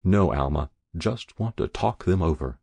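A man's voice: low voice, expressive, measured pace, creaky, darkish tone, breathy edge, dry recording, exaggerated voice. A man reading a story aloud and voicing a timid young husband who speaks hesitantly and pleads. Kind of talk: audiobook narration.

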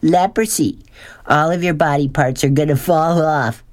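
A man's voice: medium pitch, takes it slowly, clean studio sound. A man voicing a dim young schoolboy who eagerly echoes a bully, screaming taunts in a storybook reading. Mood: taunting.

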